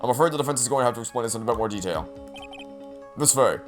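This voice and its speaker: A man's voice: medium pitch, racing, faint music behind, close to an everyday voice. A man reading the lines of a fussy, easily baffled elderly male judge in a hesitant, questioning way.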